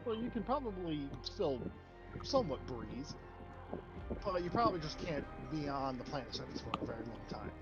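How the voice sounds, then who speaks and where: A man's voice: on the high side, very animated, normal speed, dull audio, loud music behind the voice. A man co-hosting a casual lore podcast, joking and bantering. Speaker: podcast co-host.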